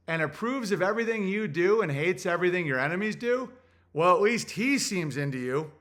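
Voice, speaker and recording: Young guy ranting on his stream, kinda high, crisp bright voice, crude and all over the place. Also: lively intonation, brisk. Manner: rambling, crude, thinking out loud. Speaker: livestream host reading super chats. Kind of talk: casual livestream rant.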